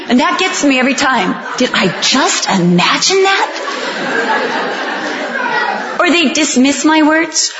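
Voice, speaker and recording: A middle-aged woman preaching a sermon, telling family stories and acting out the dialogue with lively delivery. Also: sits high, moderate pace, slight background noise. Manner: animated storytelling, acts out family dialogue. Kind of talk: sermon with comic anecdotes. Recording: dull, echoey room sound.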